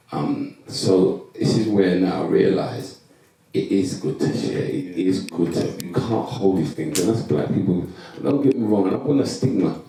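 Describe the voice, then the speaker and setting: A man's voice: deep voice, vocal fry. A man, a former professional footballer, telling his life story to a live audience and acting out the conversations in it. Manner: animated storytelling, acting out quoted exchanges. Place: event hall. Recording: echoey hall, distant mic.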